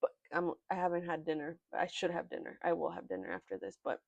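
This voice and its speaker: A young woman giving a tarot reading in an earnest, halting way, often moved by what she says. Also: lowish voice, animated, creaky, no echo. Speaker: tarot reader. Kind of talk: pick-a-card tarot reading.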